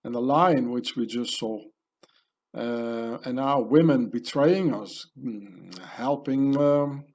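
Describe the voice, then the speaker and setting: Slow, rambling male conspiracy narrator. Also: mid-range voice, a little mellow. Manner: rambling, ranting, heavy with fillers. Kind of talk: conspiracy video voice-over.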